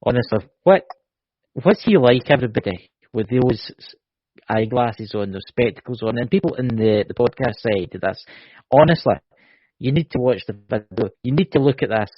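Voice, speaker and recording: Teasing Scottish man with a husky voice. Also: mid-range voice, expressive, moderate pace, no echo. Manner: boisterous, teasing, jokey. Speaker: podcast co-host. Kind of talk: casual chat. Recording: muffled dry home recording.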